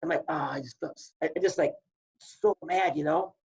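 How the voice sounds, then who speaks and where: A man, a former wrestler and coach, telling stories in casual chat, animated and acting out the people he quotes. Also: a little high, a little fast, vocal fry, breathy edge. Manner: animated, acts out quoted voices, repeats words. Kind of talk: casual storytelling. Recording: muffled lo-fi audio.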